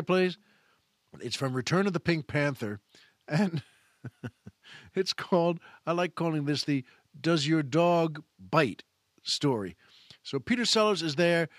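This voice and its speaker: Man, podcast host, enthusiastic chatty storytelling, bouncy pitch that rises and falls a lot, fairly high voice, dry close sound. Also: fairly bright tone, no room sound. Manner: enthusiastic, chatty, repeats and restarts phrases. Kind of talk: casual anecdotal storytelling.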